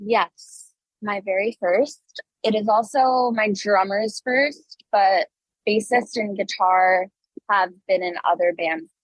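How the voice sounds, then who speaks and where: A woman's voice: mid-range voice, slow pace, rough recording. Chatty young woman, a bit breathless. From United States. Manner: chatty, upbeat, laughs often. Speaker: singer and guest. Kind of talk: casual interview chat.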